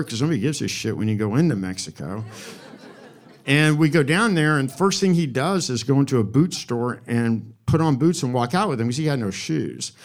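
A man in his sixties tells a story before a live audience. He keeps a wry, deadpan tone and swears freely. His voice sits in an ordinary middle pitch. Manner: wry, profane, deadpan delivery.

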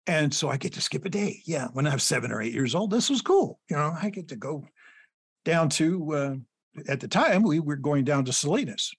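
Chatty, high-pitched man telling stories. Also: lively intonation, normal speed, slightly rough, no echo. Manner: rambling anecdotes with frequent fillers and laughs. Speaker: children's book author, guest. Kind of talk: storytelling in an interview.

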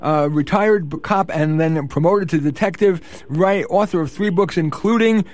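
A man with a New York accent hosting a radio interview, teasing and energetic with his guest. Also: fairly high pitch, moderate pace. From the Bronx, New York. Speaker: radio show host.

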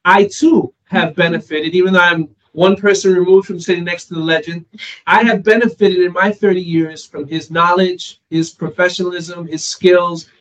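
Man, fairly high voice, earnest and articulate interview guest. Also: low-quality recording. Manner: earnest, articulate, formal praise. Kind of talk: interview talk.

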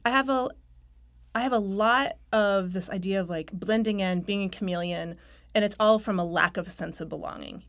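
A novelist appearing as a radio guest tells stories in a candid, self-deprecating way and laughs often. She's a woman from North Carolina who has lost her accent, and her voice is lowish.

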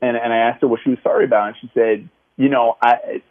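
A man's voice: mid-range voice, flat delivery, very fast, narrow, tinny audio. A man, a city councilman, earnestly recounting a memory from his teaching days in a reflective conversational way. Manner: reflective, earnest, many restarts. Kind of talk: personal storytelling in conversation.

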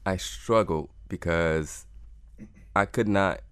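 A cellist guest speaks slowly in a low, slightly bright voice, recorded clean and dry. In this conversational interview he reflects earnestly on his music, repeating words as he goes.

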